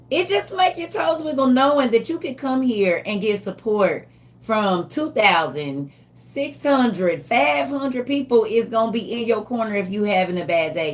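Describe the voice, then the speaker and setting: An older woman hosting a casual livestream, talking animatedly straight to her viewers. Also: on the high side. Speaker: livestream host.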